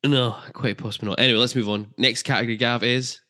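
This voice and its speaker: A man's voice: medium pitch, fairly even intonation, fast talker, bright, forceful tone. A man co-hosting a football podcast, chatting casually and jokily with filler ums. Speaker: podcast co-host.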